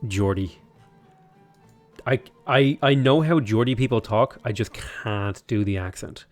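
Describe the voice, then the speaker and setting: A man's voice: medium pitch, normal speed, faint music behind. A young man streaming a strategy game, chatting casually in a rambling, joking way. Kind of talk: casual livestream commentary.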